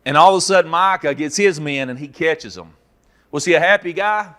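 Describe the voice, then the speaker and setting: Animated preacher man. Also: a little high, fairly quick. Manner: animated storytelling, acting out characters with sudden loud shouts. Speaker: pastor. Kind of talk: sermon teaching.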